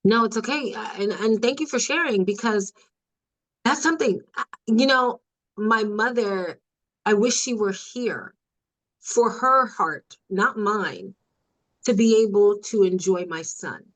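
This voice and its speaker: A woman speaking as a podcast guest, earnest and reflective, growing animated at times in candid conversation. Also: medium pitch, measured pace, poor audio.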